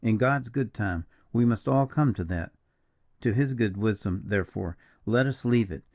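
A courtly veteran frontier scout, as a male audiobook reader puts him on, low and gravelly, unhurried and earnest. The lo-fi recording dulls the voice. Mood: warm, courtly.

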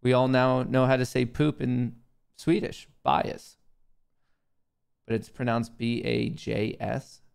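A man's voice: mid-range voice, little pitch movement, unhurried, creaky, darkish tone, clean tone. A young man hosting a live trading stream, talking casually to himself and his viewers, muttering and swearing at the market. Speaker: livestream host, day trader.

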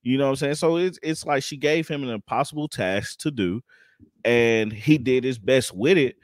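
Calm man, dry close sound. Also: medium pitch, normal speed, no echo. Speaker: podcast co-host. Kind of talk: casual reality-TV discussion.

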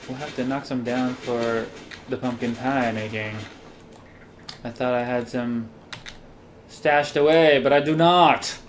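Tipsy, swearing let's-play gamer; excitable, swooping delivery full of whoops and sound effects. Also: medium pitch, slight background noise. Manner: excitable and profane, bursts into loud exclamations and silly sound effects. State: tipsy from drinking. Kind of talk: casual gameplay commentary.

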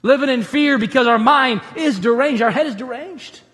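A pastor delivers a conversational sermon, telling stories with lively humorous asides. His voice sits high for a man. The sound carries a long reverb from the church hall around him. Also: moderate pace. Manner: animated storytelling with humorous asides. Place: church auditorium.

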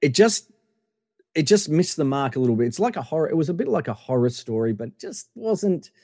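A man's voice: fairly high pitch, sing-song, brisk, darkish tone, no room sound, studio quality, big-room sound. A man telling a long casual story as a podcast guest, full of fillers and acted-out quotes.

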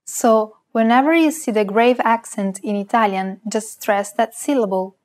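A woman co-hosting a scripted language lesson. She says example words slowly and carefully so that learners can repeat them. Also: fairly high pitch, a little mellow.

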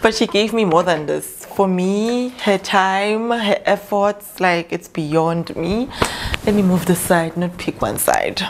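Young South African woman, vlogger, slow unhurried delivery, effusive and grateful, noisy home recording. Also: medium pitch, animated. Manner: gushing, emotional and grateful. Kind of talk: casual unboxing vlog.

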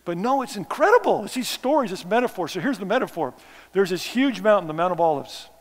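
Self-mocking preacher in a reverberant hall. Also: male voice, sits high, very animated, fast talker. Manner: conversational, self-deprecating, sarcastic asides. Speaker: missionary preacher. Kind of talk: sermon. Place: church sanctuary.

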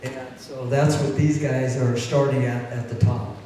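A man hosting a party and speaking to the audience, halting with frequent fillers. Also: medium pitch, level tone, warm tone, a little hiss or hum. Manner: halting, with many fillers and restarts. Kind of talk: casual speech to an audience. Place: party venue with a live audience. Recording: echoey hall from far off, crowd behind.

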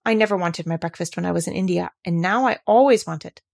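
A woman reading aloud and voicing a brisk, curious young girl with a bright, urging way of talking. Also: on the low side, gravelly, dry recording, studio quality. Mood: eager.

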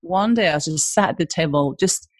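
Low-voiced northeast English woman. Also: fairly quick, no echo. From northeast England. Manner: chatty, storytelling, animated when excited. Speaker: guest, small food business owner. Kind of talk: casual conversational interview.

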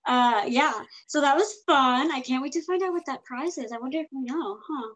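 A woman's voice: high-pitched, a little fast, a bit bright, slight background noise, rough recording. A woman co-hosting a casual fan podcast, talking in a chatty, rambling way. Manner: chatty and rambling, with many restarts. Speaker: podcast co-host. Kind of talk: casual chat.

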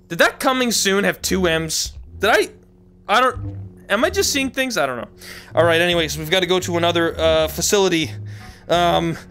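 An excitable young man narrating his own virtual reality gameplay, yelling and laughing as he goes. His pitch leaps all over the place. Music plays clearly underneath his voice. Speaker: gaming YouTuber. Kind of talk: VR gameplay commentary.

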